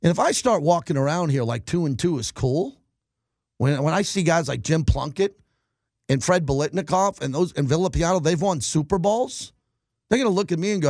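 A middle-aged man hosting a sports talk show, delivering an emphatic, animated, ranting monologue. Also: a little high, normal speed, no room sound, clean studio sound. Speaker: sports radio host.

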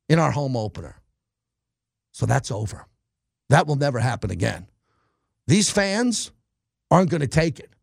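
A middle-aged man rants through a sports talk monologue with emphatic, animated energy. His voice sits high for a man. The sound is dry and close, with no room around it. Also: no echo. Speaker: sports radio host.

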